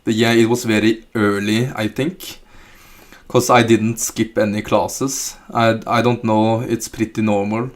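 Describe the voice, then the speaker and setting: A man's voice: on the low side, little pitch movement, unhurried, natural voice. A man putting on a thick Norwegian accent to voice an older Norwegian man chatting casually. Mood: matter-of-fact. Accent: thick Norwegian, put on.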